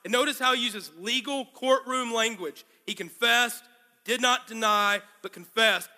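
Man preaching, high voice, very bright tone, dramatic, long hall reverb. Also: measured pace. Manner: dramatic, acts out biblical dialogue. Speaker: pastor. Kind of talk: sermon.

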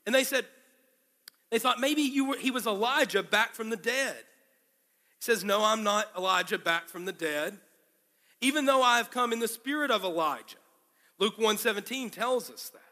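A man's voice: very high-pitched, bright, forceful tone, big-room sound. A man preaching a sermon as pastor, dramatically acting out the biblical dialogue he explains.

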